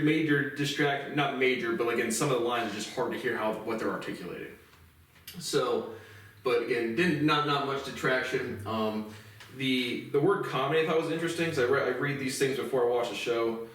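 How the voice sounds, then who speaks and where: A man's voice: medium pitch, fairly bright tone. A man giving a casual spoken television review, rambling with many restarts and fillers and some swearing. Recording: echoey room, mic at a distance.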